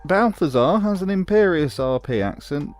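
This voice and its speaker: A man's voice: a little high, animated, normal speed, faint music behind. A man narrating a scripted video analysis of game voices with dry, wry humor.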